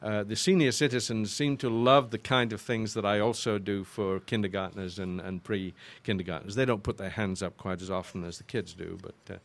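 A man's voice: fairly low pitch, steady tone, normal speed, gravelly, hardly any pauses. An older man from Yorkshire with an English accent, a voice actor chatting as a guest in an interview and rambling through his stories with restarts. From Yorkshire, northern England. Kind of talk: casual interview chat.

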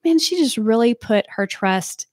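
A woman's voice: fairly high pitch, expressive, unhurried, no room sound, studio quality. A woman from South Arkansas, telling stories as a realtor guest in a casual, chatty way. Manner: warm, chatty, many "you know" fillers. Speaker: real estate agent guest. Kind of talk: casual interview storytelling.

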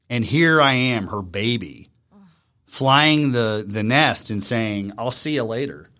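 Man, 30s, from Virginia, low-ish voice, interview guest, earnest, halting, personal storytelling. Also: a bit bright.

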